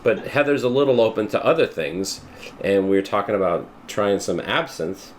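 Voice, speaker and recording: A man's voice: fairly low pitch, moderate pace, slight background noise. A man hosting a casual drinks chat, joking and playful with his guests. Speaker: host.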